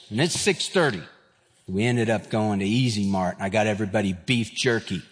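With a fairly low, brisk, slightly rough voice trailing long reverb, a man in his fifties preaches a sermon. This pastor tells a personal story, acts out the voices, and leans on self-deprecating humor.

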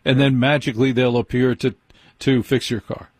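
A man hosts a late-night call-in radio show and greets his callers in an agreeable way. His voice is a bit husky. The sound is dry and close. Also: medium pitch, fairly even intonation, moderate pace, dry recording. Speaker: radio talk show host.

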